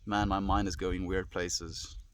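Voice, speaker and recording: A South African man casually live-streaming from his farm, calmly reflecting and greeting viewers by name. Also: low-pitched, a little slow, background noise. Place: outdoors on a rural farm.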